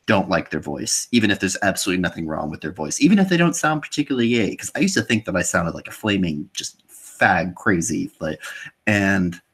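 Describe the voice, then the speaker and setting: A man with a Californian accent in casual chat, soft-spoken and reflective. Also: deep voice, sing-song, fairly quick, husky. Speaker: podcast co-host, YouTuber.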